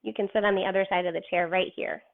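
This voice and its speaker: A woman's voice: mid-range voice, steady tone, gravelly, slight background noise. A young woman teaching yoga to children and reading them a story in an encouraging, sing-song way. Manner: encouraging, slow and sing-song when cueing poses. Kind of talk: gentle yoga instruction and storybook reading for kids. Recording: tinny phone-like sound.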